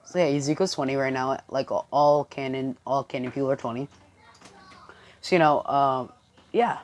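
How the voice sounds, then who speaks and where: Brief: low-pitched woman, casual improvised storyteller, rambling, filler-heavy. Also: moderate pace, darkish tone. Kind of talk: improvised fan-fiction storytelling.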